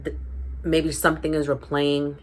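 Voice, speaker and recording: A woman's voice: low voice, monotone, normal speed, a little hiss or hum. Rambling Spanish-accented woman tarot reader. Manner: rambling, repeats and restarts phrases, frequent "okay?". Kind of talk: casual tarot reading to viewers.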